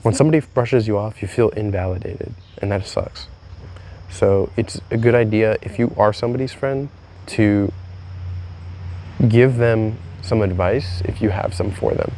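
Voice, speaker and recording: A man's voice: on the low side, moderate pace, warm tone. A young man vlogging a candid, rambling confessional monologue, swearing freely as he talks.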